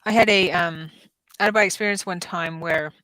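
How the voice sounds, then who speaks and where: Chatty woman in her fifties, low-pitched. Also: steady tone, brisk, bright, forceful tone, no echo, poor audio. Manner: chatty storyteller with many ums and restarts. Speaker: psychic-medium host. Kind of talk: casual livestream chat.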